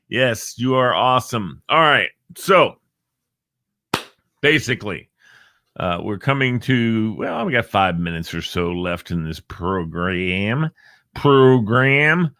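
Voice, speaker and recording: A man's voice: medium pitch, slow, no echo, clean studio sound. A man hosting a casual live stream, reading uplifting quotes and joking with viewers by name. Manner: animated, jokey, chats to viewers by name. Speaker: host of a live encouragement stream.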